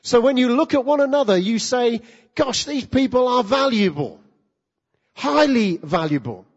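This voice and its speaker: A man preaches to his congregation, pitching his voice fairly high and swooping up and down as he throws rhetorical questions at them. His tone is a little husky. The recording is dull and lo-fi, with a long reverb from the hall. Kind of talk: sermon.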